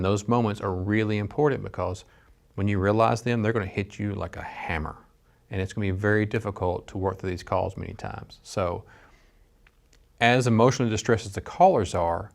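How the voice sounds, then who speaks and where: A man's voice: lowish voice, steady tone, brisk, creaky. A middle-aged man giving a training lecture as a dispatch instructor, earnest and conversational with frequent restarts. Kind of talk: training lecture with personal story.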